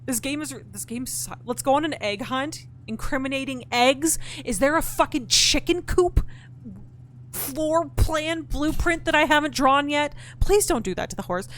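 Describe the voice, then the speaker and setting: A fairly high-pitched woman live-streaming a puzzle game, swearing freely and talking straight to her viewers and to the game's characters. She thinks aloud in fits and starts, with a faint hum behind her voice. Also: moderate pace. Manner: talks to chat and game characters directly. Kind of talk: live-streamed gameplay chat.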